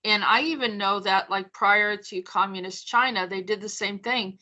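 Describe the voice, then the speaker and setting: A woman's voice: medium pitch, moderate pace, sharp tone, muffled recording. A woman from the United States hosting a casual conversation, chatty and full of fillers as she tells her examples. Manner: chatty, storytelling with many fillers. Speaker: podcast host.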